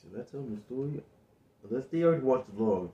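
A man's voice: medium pitch, animated, fast talker, mellow, distant mic, highs cut off, a little hiss or hum. A young man telling a story in casual chat as a vlog co-host, laid back and chuckling, raising his voice when he quotes someone. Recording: echoey room.

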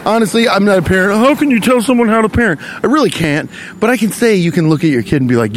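Lively, rambling young man telling a story. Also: high-pitched, fast, slight background noise. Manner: rambling, crude, jokey. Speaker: vlogger. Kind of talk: casual comedic storytelling while walking. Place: outdoors, walking on a street.

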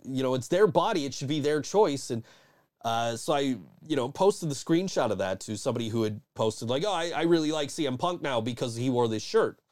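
A man's voice: medium pitch, expressive, brisk, a little mellow. A man hosting a podcast in casual chat, swearing freely and rambling with many restarts. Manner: profane, rambling, frequent restarts and laughs. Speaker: podcast host.

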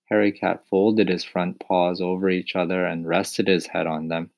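A man narrating a children's audiobook in a calm, measured way. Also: low voice, vocal fry, muffled recording. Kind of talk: scripted narration.

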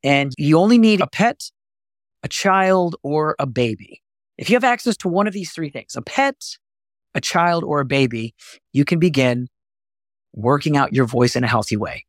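A middle-aged man hosting a podcast voice lesson, animated and often jumping high to demonstrate. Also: moderate pace, no echo, studio quality. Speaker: voice coach and podcast host.

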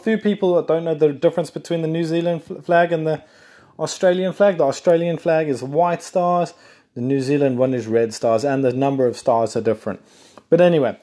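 A chatty man from South Africa hosts his own podcast alone, wandering from topic to topic and correcting himself often. His voice sits a little higher than most men's, and he breaks into excited bursts now and then. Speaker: podcast host. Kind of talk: casual solo podcast chat.

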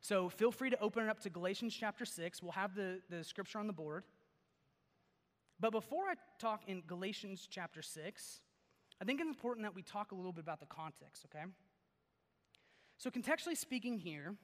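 A young male pastor with a high, bright voice delivers a laid-back sermon. He rambles through stories, peppering them with "like" and "okay?". His words ring with the long reverb of a large church hall. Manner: chatty and animated, lots of "like" and "okay?". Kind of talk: casual sermon with personal stories. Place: church sanctuary.

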